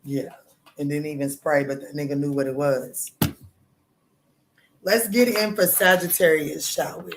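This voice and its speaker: Against background noise, a woman tarot reader speaks at a measured pace with long pauses on her livestream. She's brash and profane, loud and laughing often, her pitch jumping suddenly in casual chat.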